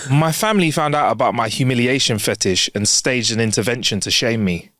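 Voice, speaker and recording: A man's voice: mid-range voice, normal speed, dry recording, studio quality. A male podcast co-host in casual chat, telling jokes and bantering with slang. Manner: animated, jokey banter with slang. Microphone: wireless clip-on mic.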